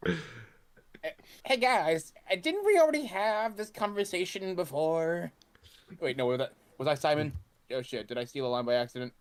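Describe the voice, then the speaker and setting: A man's voice: fairly high pitch, animated, normal speed. A man reading and chatting casually, stumbling and correcting himself. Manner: hesitant, stumbling, self-correcting. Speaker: fanfic reader. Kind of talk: casual comedic chat.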